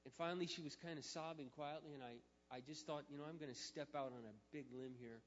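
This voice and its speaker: A man's voice: fairly high pitch, steady tone, fast, slight background noise. Man preaching in a reverberant hall. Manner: swings from quiet intimate storytelling to loud emphatic preaching. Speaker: pastor. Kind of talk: sermon storytelling. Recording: muffled sound with long hall reverb.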